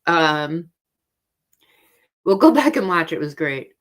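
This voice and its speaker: A woman's voice: lowish voice, very animated, takes it slowly. A woman hosting a casual livestream chat from home, talking freely, laughing often and trailing off mid-thought. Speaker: livestream host.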